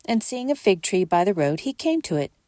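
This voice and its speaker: A woman hosting a podcast, reading scripture aloud at a measured pace and lifting her voice for quoted speech. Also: medium pitch, very animated, mellow, dry recording, studio quality.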